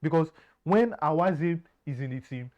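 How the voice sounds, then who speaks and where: A man's voice: on the high side, expressive, moderate pace. A man giving earnest football analysis, often stumbling and repeating words. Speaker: football pundit. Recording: dull lo-fi sound.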